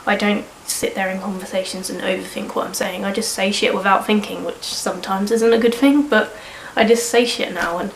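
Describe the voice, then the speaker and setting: A woman's voice: medium pitch, fairly even intonation, brisk, gravelly, few pauses, echoey room, a little hiss or hum, poor audio. A woman in her early twenties with a cold, vlogging in a frank, rambling way and swearing casually. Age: early 20s. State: sniffly with a cold. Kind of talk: candid personal vlog.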